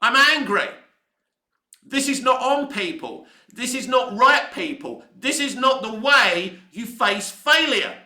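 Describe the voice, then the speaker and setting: Angry ranting man, high bright voice. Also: lively intonation, a little slow, few pauses, roomy sound. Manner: heated, sweary, ranting. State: voice going hoarse. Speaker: online commentary host. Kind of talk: angry opinion rant.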